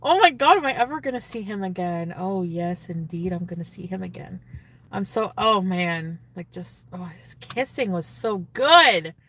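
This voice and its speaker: A woman's voice: fairly low pitch, animated, normal speed, fairly bright tone, distant mic, a little hiss or hum. A woman chatting on a phone livestream from a parked car, giddy and gushing, reading and answering her chat.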